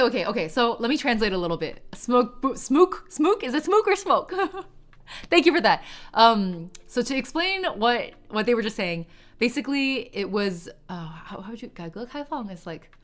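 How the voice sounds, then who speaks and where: Woman streaming, rambly chatty talk full of "like" and "um", reads chat out loud, soft music in the back. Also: medium pitch, lively intonation, a little fast. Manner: reads viewer chat aloud, switching into Mandarin. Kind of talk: casual livestream chat.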